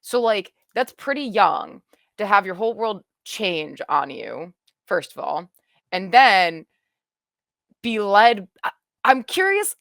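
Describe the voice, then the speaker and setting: A woman in casual chat, reacting to a show she is watching for the first time, rambling and excitable, with many restarts. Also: fairly low pitch, no room sound, studio quality.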